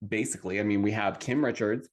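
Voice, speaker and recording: A man hosting a casual podcast chat, rambling with lots of fillers and animated asides. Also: on the low side, quick pace. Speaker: podcast host.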